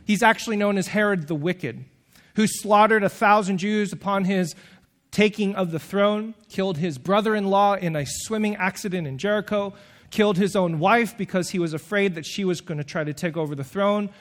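A man delivers a sermon in a lively, animated way. His voice sits high for a man, and he slips into the voices of the people he quotes. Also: moderate pace. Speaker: preacher.

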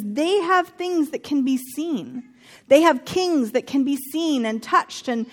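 High-voiced woman teaching Scripture. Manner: chatty and humorous, with personal asides. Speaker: Bible teacher. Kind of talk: conversational Bible teaching.

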